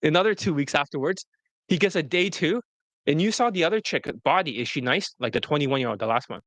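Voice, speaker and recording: A man with a somewhat high voice tells crude dating stories in a blunt, rambling way. He swears often and restarts his sentences. The sound is dry and close, with no room echo. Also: animated, quick pace, a bit bright. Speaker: dating coach. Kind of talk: casual storytelling to an interviewer.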